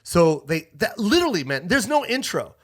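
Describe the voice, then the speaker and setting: A middle-aged man, a comedian guest, telling a story in a lively, profane way and acting out other people's lines. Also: high voice, normal speed. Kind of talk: casual storytelling.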